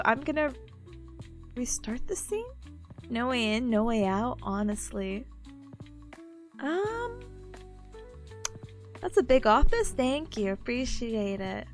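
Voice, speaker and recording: A woman's voice: high voice, fairly bright tone. A young woman streaming casually, playful and giggly, mocking herself as she chats to her viewers. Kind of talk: casual live-stream chat.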